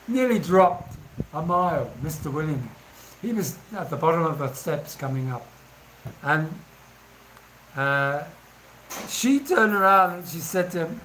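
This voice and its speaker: A man in his sixties tells anecdotes in a chatty, casual way and laughs easily. His voice sits slightly high for a man. Faint ambient noise can be heard behind him. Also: lively intonation, unhurried, pauses often, fairly bright tone, rough recording. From England. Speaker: vlogger. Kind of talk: casual storytelling.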